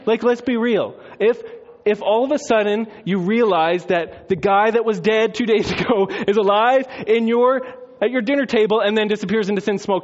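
A man preaching a sermon, telling a story with lively, animated delivery and acted-out voices. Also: sits high, normal speed, lo-fi sound. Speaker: pastor.

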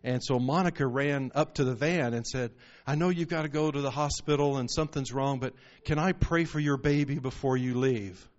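A man's voice: mid-range voice, a little fast, few pauses. A man preaching a sermon, telling stories and rising into emphatic bursts. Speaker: pastor. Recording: muffled lo-fi recording.

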